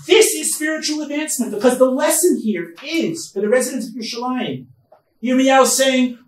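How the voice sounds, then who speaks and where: A rabbi giving a Bible lecture at a conference, emphatic, with loud stresses and quiet asides. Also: male voice, very high voice, a little fast. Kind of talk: Torah lecture. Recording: echoey hall, distant mic, faint noise.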